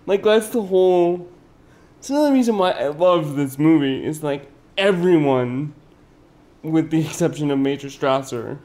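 A man in casual podcast chat about classic films, a touch high in pitch, animated and chatty, fillers everywhere, recorded indoors on a podcast mic. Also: normal speed. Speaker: podcast co-host. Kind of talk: casual film discussion.

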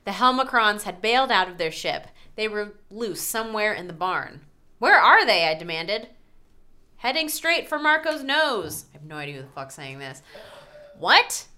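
A woman's voice: mid-range voice, very animated, moderate pace, sharp tone. A woman co-hosting a casual group read-aloud, reading expressively and laughing. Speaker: podcast co-host reading aloud.

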